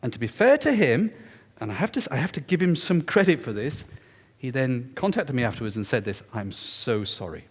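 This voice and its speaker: A man's voice: mid-range voice, very animated, brisk, slightly rough. A man telling a story during a public lecture, emphatic and confiding. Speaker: guest lecturer. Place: lecture hall. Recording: echoey lecture hall.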